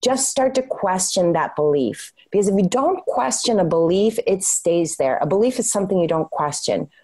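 A woman's voice: mid-range voice, expressive, normal speed, warm tone. Earnest woman repeating words for emphasis. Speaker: guest. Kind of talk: casual podcast conversation.

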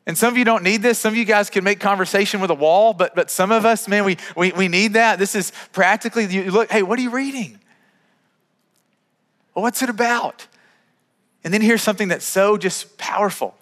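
Guy pastor preaching, kinda high voice, chatty, stumbles on his words a lot, big echoey hall. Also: fairly even intonation, fast talker, hardly any pauses, a bit bright. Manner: conversational, repeats words when starting sentences. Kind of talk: sermon.

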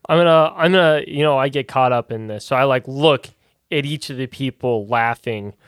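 A young man playing in a tabletop game, expressive and playful in his reactions. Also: mid-range voice, moderate pace, clean tone, no echo, clean studio sound. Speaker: player. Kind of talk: casual tabletop play.

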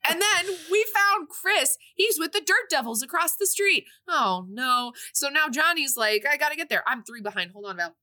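Woman, podcast co-host, bright voice, casual movie recap, animated, playful character voices. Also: high voice, moderate pace, few pauses. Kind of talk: casual chat.

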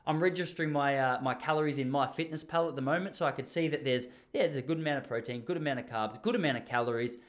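A man's voice: mid-range voice, fast talker, hardly any pauses. A young Australian man telling a rambling story in a casual monologue, chatty with lots of restarts.

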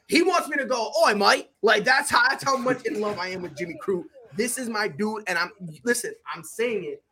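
A man's voice: high-pitched, lively intonation, brisk, crowd noise. A man co-hosting a casual sports chat, boisterous and emphatic, making bold hyped predictions. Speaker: podcast co-host.

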